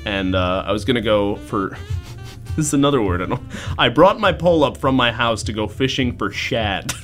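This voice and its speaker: A man's voice: mid-range voice, expressive, normal speed, fairly bright tone, soft background music. A young man from Pennsylvania co-hosting a college radio show, chatty and laughing often. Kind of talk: casual radio chat.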